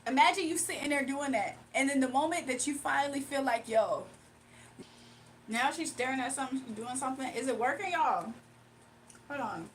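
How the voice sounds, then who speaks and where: A high-pitched woman chats with her livestream viewers in a loose, animated way, laughing often as she talks. She sits a little back from the mic, and a faint hum of noise runs under her voice. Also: fairly quick, recorded from a distance, poor audio. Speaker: livestream host. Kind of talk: casual livestream chat.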